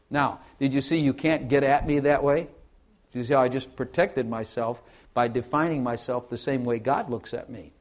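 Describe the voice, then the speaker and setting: A man preaching a sermon in an earnest, conversational way, asking his listeners questions and often repeating and restarting his phrases. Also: medium pitch. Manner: repeats and restarts phrases, varies volume widely.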